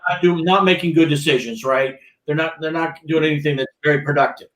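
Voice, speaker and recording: A man's voice: a little high, quick pace, a bit bright, reverberant, low-quality recording. A man calling into a talk show, arguing bluntly with profanity and combative questions. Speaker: caller. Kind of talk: blunt opinionated argument.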